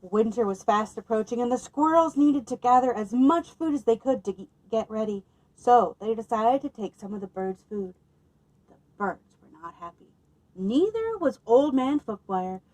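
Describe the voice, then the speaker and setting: On a rough recording, a woman with a voice on the high side reads a picture book to children at library story time. She's lively and expressive and pauses to put questions to the kids.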